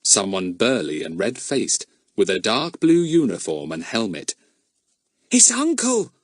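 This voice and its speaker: A man narrating a children's storybook in an expressive storytelling manner. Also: low-pitched, a little slow, dry recording, studio quality. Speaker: audiobook narrator. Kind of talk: scripted narration.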